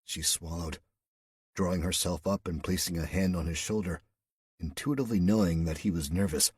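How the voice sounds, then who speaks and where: A man narrating an audiobook in a steady storytelling manner. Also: low voice, normal speed, husky, no room sound, studio quality. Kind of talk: scripted narration.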